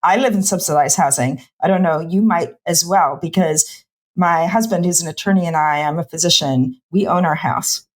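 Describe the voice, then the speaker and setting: A woman's voice: lowish voice, normal speed. A middle-aged woman physician in a podcast interview, talking with passion in long run-on bursts full of "like". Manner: impassioned, speaks in run-on bursts with many "like" fillers. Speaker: physician and homelessness researcher.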